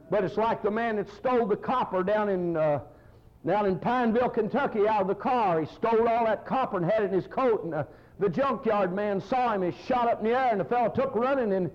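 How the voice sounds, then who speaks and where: A man preaching a fiery, folksy sermon full of stories. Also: high voice. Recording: muffled lo-fi sermon recording.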